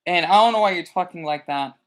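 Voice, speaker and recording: A man chatting casually on his live stream in a rambling, animated way, answering his chat and bluntly scolding trolls. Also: high voice, fast talker.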